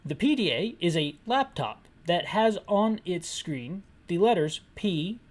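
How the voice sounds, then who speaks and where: Woman in a lowish register, sarcastic game commentator with bouncy, swooping intonation. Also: expressive, unhurried, a little mellow. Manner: sarcastic, rambling, self-correcting jokes. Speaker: game retrospective narrator and describer. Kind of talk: comedic game commentary with descriptive audio.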